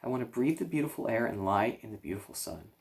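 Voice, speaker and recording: A man reading aloud and voicing a young pig who is frightened and pleading, high and panicky. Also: sing-song, fast talker, a little mellow. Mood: panicked.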